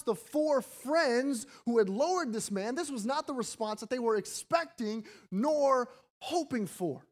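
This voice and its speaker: Brief: pastor, sermon, chatty and animated, reads a passage then unpacks it. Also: medium pitch. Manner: conversational, animated preaching with frequent repetitions; reads scripture aloud, then explains it.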